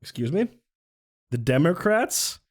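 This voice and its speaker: Brief: man doing reaction commentary, sarcastic and mocking, fairly high voice. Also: big pitch swings, a little slow.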